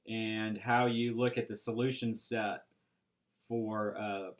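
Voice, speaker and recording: A man teaching an algebra class, explaining step by step in a patient way with frequent pauses and "right?" checks. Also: fairly low pitch, level tone. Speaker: math instructor. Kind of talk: recorded classroom lecture.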